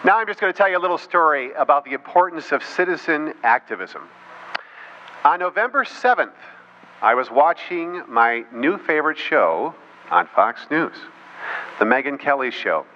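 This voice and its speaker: A man's voice: fairly high pitch, big pitch swings, normal speed, sharp tone. A man giving a speech to an audience, telling a story with mocking asides and quoted voices. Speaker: political speaker. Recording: dull lo-fi recording with faint noise.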